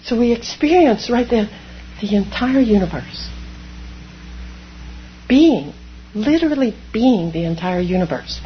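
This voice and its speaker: A woman Zen priest giving a dharma talk, animated, laughing often and acting out inner voices. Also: medium pitch, measured pace, pauses often, muffled recording, a little hiss or hum.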